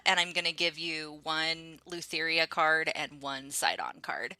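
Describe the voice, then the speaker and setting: A woman at a tabletop game with a very low but bright voice, talking casually between laughs. The sound is dry and close. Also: unhurried, dry recording, soft background music. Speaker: player.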